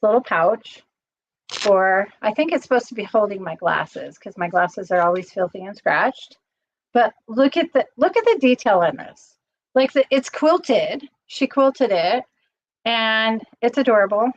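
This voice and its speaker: A woman's voice: medium pitch, expressive, unhurried, slight background noise. Chatty rambling middle-aged woman, lo-fi. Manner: chatty and rambling, gets teary. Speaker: channel host. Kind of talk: casual live-stream chat.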